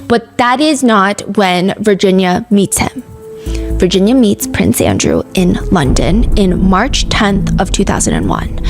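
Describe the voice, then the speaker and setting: A woman's voice: mid-range voice, gravelly. A woman with a mid-range voice tells a true-crime story as a podcast host. She keeps it casual and chatty, slipping in fillers and side remarks. Faint music plays underneath.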